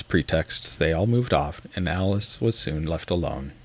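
Deep, husky male storybook narrator. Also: dry recording. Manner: steady, measured reading aloud. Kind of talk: storybook reading. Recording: slightly muffled recording.

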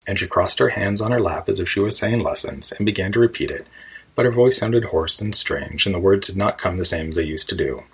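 A man narrating a storybook in a measured, even reading voice. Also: low voice, husky, rough recording. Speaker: audiobook narrator.

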